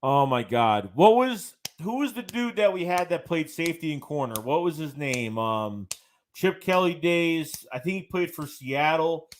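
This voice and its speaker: A man's voice: a little high, animated, unhurried, slight background noise. A man hosting a late-night sports livestream, ranting about his team and reading viewer chats aloud in a casual way. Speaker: livestream host.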